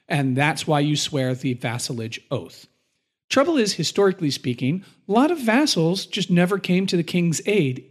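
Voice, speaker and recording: A man co-hosting a relaxed podcast, walking through medieval history step by step. His voice sits a little high for a man, and he slips into quick quoted voices to make his points. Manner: explanatory, acts out voices in quotes. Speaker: podcast co-host. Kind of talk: casual history podcast chat.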